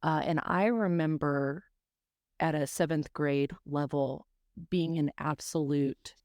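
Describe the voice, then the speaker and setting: A woman from North Carolina co-hosts a podcast, tossing out casual interview questions in a chatty style packed with fillers and asides. Her voice is deep, steady, slow and a little mellow, with no echo.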